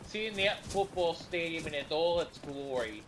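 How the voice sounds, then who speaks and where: A man co-hosting a casual chat while gaming, rambling and excitable, cursing freely. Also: a little high, a little slow, noisy background. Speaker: podcast co-host.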